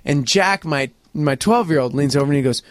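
A man in his forties in casual chat, an animated storyteller who acts out other people's voices and says "dude" a lot. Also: a little high, a little fast, no room sound.

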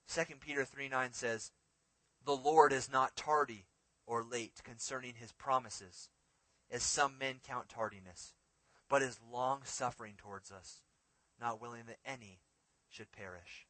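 A man preaching a sermon, swinging between emphatic raised lines and hushed quiet ones as he reads and explains scripture. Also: medium pitch, a little slow, dry recording, poor audio. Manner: expressive, rising to emphatic peaks and dropping to hushed lines.

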